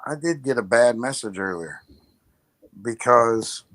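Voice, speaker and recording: A man speaking as a co-host on a talk show, in a measured, conversational way. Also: mid-range voice, lively intonation, fairly bright tone, no room sound. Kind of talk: casual talk-show chat.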